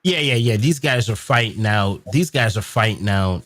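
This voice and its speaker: A man's voice: on the low side, lively intonation, normal speed, fairly bright tone, dry recording. A man hosting a casual chat who agrees often and restarts his sentences. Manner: agreeable, says "right" a lot, restarts sentences.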